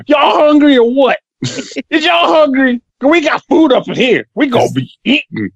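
A boisterous country man calls everyone in to eat, loud and hearty, as a man puts him on. He drawls, pitched above his usual voice. The sound is dry and a bit dull. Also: very animated, unhurried, no echo, full character voice.

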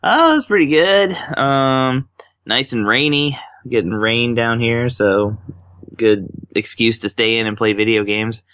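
A man's voice: mid-range voice, a little slow, fairly bright tone, clear, resonant tone, dry recording, lo-fi sound. A man chatting as a podcast guest, rambling with lots of ums and uhs. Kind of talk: casual chat.

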